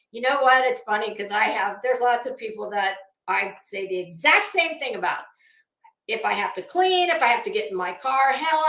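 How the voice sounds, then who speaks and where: A woman's voice: a little high, bright, forceful tone, reverberant. A tired, worn-out woman hosting a livestream in casual chat, reading comments and rambling with trailing thoughts. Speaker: livestream host.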